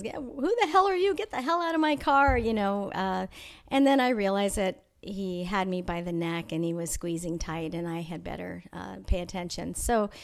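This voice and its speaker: A woman being interviewed, telling a personal story in a thoughtful, measured way with frequent pauses and restarts. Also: fairly low pitch, a little mellow. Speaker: interview guest. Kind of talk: reflective personal storytelling in conversation.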